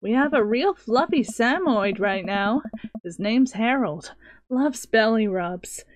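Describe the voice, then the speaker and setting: A woman voicing a dry-witted, sarcastic woman who works at a dog shelter in a dating game, speaking in a flat, deadpan way. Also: a little high, slow pace, faint music behind.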